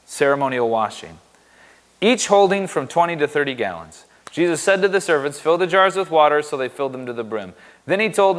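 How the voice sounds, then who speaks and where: A man's voice: fairly high pitch, fairly bright tone, big-room sound. A man giving a casual, upbeat sermon in a church, joking and poking fun at himself. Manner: upbeat, joking, self-deprecating. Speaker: pastor.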